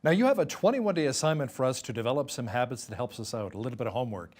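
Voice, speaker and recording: A man hosting a local newscast, asking guests brisk, conversational questions. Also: mid-range voice, expressive, a little mellow. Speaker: news anchor. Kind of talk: news interview hosting.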